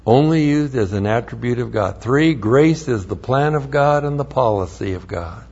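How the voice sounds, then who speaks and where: A man's voice: mid-range voice, animated, moderate pace, darkish tone, breathy edge, muffled recording. A man teaching a sermon, studying Hebrew words, who repeats key phrases and spells out letters with emphasis. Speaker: Bible teacher.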